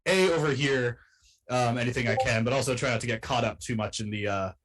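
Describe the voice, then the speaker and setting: A man playing a tabletop game, talking casually and somewhat haltingly. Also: medium pitch, fairly bright tone, low-quality recording. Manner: halting, hesitant, with fillers. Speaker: player.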